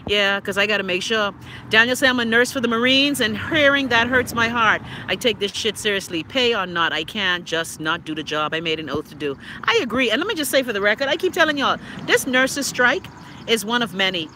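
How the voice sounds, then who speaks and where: A woman's voice: fairly high pitch, fairly quick, a little hiss or hum. Profane, ranting Bahamian woman in her fifties. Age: 50s. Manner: loud, profane, animated ranting. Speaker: livestream host. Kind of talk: casual livestream chat.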